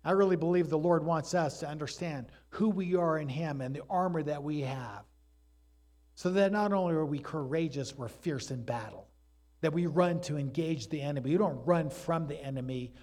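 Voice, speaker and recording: A man delivering a sermon with real animation, his voice set a little high for a man. He tells stories with lots of energy and leans into them. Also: normal speed. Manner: animated storytelling preacher, acts out voices in stories. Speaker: pastor.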